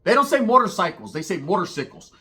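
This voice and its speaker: A man's voice: fairly high pitch, brisk. A man telling a profane street story, acting out the voices of the people in it. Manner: profane, animated, acts out other voices.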